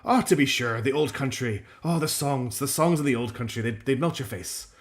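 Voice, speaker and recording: A man's voice: mid-range voice, moderate pace, lightly acted. A man putting on an old Irish fisherman. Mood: wistful. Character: isolated old Irish fisherman, wistful and rambling.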